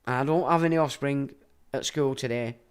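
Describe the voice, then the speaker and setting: A man's voice: mid-range voice, moderate pace, smooth. A middle-aged man, hosting a livestream and ranting in a blunt, profane, rambling monologue. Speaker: livestream host.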